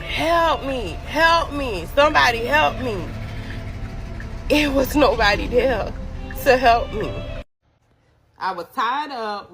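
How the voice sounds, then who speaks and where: A woman telling her own story in a casual, animated way, speaking straight to her viewers. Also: mid-range voice.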